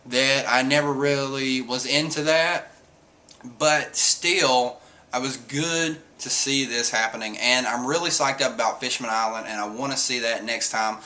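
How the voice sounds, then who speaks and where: Chatty man, bright voice. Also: mid-range voice. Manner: rambling, filler-heavy, acts out quotes. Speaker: manga reviewer. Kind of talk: casual chat review.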